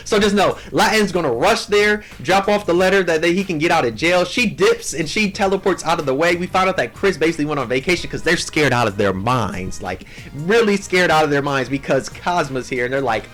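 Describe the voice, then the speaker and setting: Young guy for a casual anime recap: slangy and lively, a bit high-pitched, faint music behind. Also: a little fast. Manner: slangy, animated, heavy on "like" and "yo". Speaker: anime channel host.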